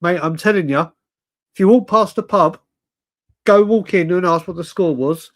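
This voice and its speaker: A man's voice: sits high, measured pace. A tired man hosting a late-night live fan stream, ranting chattily with frequent stammers and restarts. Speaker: fan podcast host.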